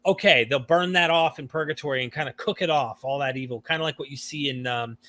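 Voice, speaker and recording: A man hosting a podcast, talking through ideas in a casual, thoughtful way, often hedging and then getting animated. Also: a little high, fast. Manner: thoughtful, hedging, animated when quoting views. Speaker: podcast host. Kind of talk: casual discussion.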